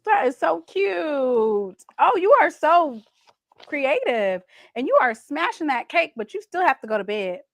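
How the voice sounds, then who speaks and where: A woman's voice: sits high, sing-song, moderate pace, a bit bright, no room sound. Chatty woman host. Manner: chatty, playful, reads viewer comments aloud. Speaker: livestream host. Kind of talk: casual livestream chat.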